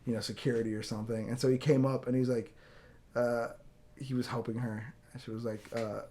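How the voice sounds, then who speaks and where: Young podcast host guy rambling a story real quick, cusses a bit, does the voices of people he's quoting. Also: mid-range voice, flat delivery, dark tone. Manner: rambling anecdotes, swearing, acts out quotes. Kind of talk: casual storytelling chat.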